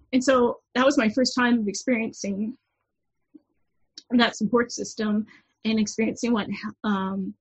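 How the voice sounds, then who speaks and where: A woman in her thirties telling her personal story frankly as a podcast guest, halting with many fillers. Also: mid-range voice, creaky, slightly rough. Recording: dull lo-fi audio.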